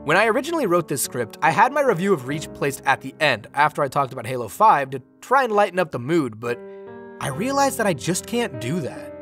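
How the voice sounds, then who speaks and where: Sarcastic man with lively pitch. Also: fairly quick, faint music behind. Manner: dry, sarcastic, self-deprecating. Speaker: video game reviewer. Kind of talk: scripted comedic game review narration.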